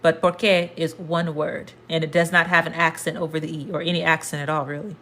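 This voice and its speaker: A woman with a fairly low voice teaches a relaxed language lesson. She explains each point patiently and goes over it again, talking straight to the viewer. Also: fairly quick, a little hiss or hum. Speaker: Spanish teacher.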